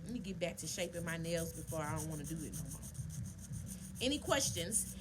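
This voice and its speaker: A woman, telling a story casually to viewers while doing her nails, animated and preachy. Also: deep voice, fairly quick. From Southern United States. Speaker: nail artist vlogger.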